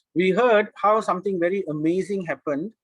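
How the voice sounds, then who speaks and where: Man, slightly higher voice, dry close recording, teaching a scripture class with frequent restarts. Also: breathy edge, dry recording, low-quality recording. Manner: explanatory, with frequent restarts and fillers.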